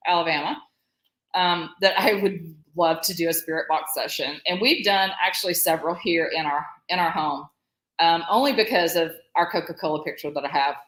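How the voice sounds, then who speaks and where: A woman's voice: lowish voice, moderate pace, fairly bright tone. A woman in her forties with a Southern US accent, co-hosting a live stream in a rambling, chatty way and laughing often. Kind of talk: casual live-stream chat. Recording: echoey room.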